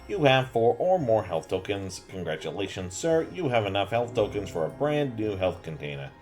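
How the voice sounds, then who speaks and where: A man's voice: fairly low pitch, sing-song, normal speed, a little mellow, faint music behind. A man voicing a polite male clerk at a token exchange in a video game, with a New York accent and formal service-counter manners.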